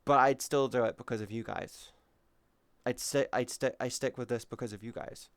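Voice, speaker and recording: On a live stream, a man talks openly with his viewers and answers chat, swearing freely along the way. His smooth, resonant voice sits at medium pitch with fairly even intonation and a moderate pace. The sound is close and dry, with no echo.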